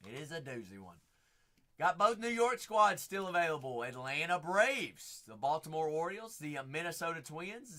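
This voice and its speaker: A man's voice: fairly high pitch, bright, forceful tone. An American man hosting a live card-break stream, hyping the remaining slots and chatting casually with viewers. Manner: upbeat hype, repeating phrases, chatting with viewers. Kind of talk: live-stream sales patter.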